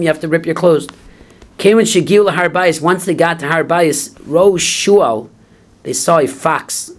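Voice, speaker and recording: A Talmud teacher with a slightly high voice leads a class, moving through the text phrase by phrase. He reads each piece in the original before translating and explaining it.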